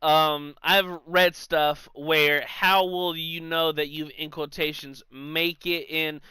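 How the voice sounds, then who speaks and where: A man's voice: fairly high pitch, level tone, slow, sharp tone, smooth, no echo. A young man co-hosting a podcast, chatting loosely about sports and swearing freely. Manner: loose, profane, acts out quotes with laughs. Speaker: podcast co-host. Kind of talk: casual sports chat.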